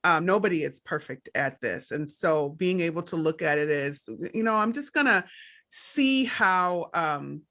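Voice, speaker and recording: A woman's voice: lowish voice, animated, unhurried, fairly bright tone. A woman panel guest speaking reflectively on a radio discussion, often restarting her sentences. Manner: reflective, hesitant with many restarts.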